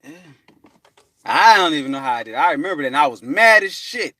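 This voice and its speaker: A man telling a rambling spiritual story in a profane, meandering way, full of fillers and sudden high, loud voices for the people he quotes. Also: big pitch swings, fast, dry recording.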